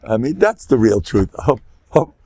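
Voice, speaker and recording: A man's voice: mid-range voice, very animated, unhurried, mellow. An older man with American English touched by Yiddish phrasing, giving a chatty, joking Torah class that mixes in Yiddish and Hebrew phrases. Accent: American English with Yiddish-inflected phrasing. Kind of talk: informal Torah lecture.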